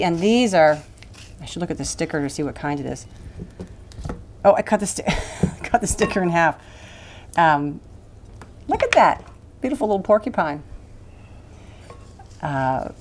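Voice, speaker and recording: A woman's voice: low voice, animated, a little slow, pauses often, slight background noise. A woman hosting a casual cooking demonstration in a kitchen, chatting and rambling with frequent laughs. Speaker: cooking show host.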